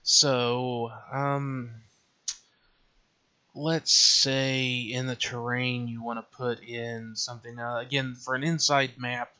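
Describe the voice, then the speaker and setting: Slow, bright-voiced man thinking aloud. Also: mid-range voice, little pitch movement, smooth. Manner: thinking aloud, mumbling to himself while working. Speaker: game development tutorial host. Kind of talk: casual screen-recorded tutorial. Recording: slightly dull lo-fi recording.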